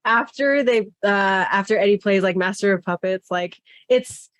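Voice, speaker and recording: A young woman chatting as a podcast guest, full of fillers, swearing and quoting in a higher voice. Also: normal speed, no room sound. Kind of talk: casual chat.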